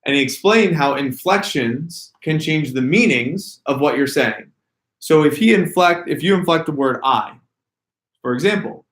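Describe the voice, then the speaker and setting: A man running a sales training workshop. He talks in a casual, animated way and stresses single words to show how emphasis changes meaning. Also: a little high, normal speed. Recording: echoey room.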